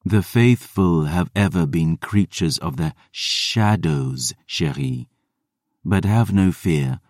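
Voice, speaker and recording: A man voicing a cold, haughty vampire woman in an audiobook, speaking in a slow, disdainful, formal way. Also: low-pitched, lively intonation, a little mellow, dry recording, studio quality, heavily acted. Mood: soothing. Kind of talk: audiobook character reading.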